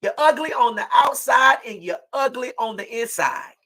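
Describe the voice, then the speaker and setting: A woman host with a bright, sharp voice, speaking in fiery, preachy bursts. She often rises to a shout and then drops low and heavy. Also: expressive, normal speed. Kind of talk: impassioned livestream commentary.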